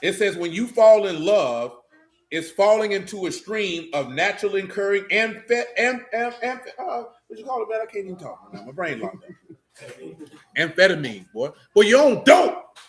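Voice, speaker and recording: A middle-aged man preaching in loose talk, joking and mocking with loud bursts. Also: sits high, sing-song, moderate pace. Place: church meeting room.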